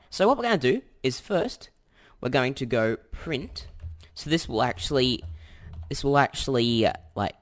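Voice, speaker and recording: Young Australian male tutor, animated pitch, chatty, self-correcting, casual screen-recording delivery. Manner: chatty and self-correcting, thinks aloud while typing. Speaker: tutorial host.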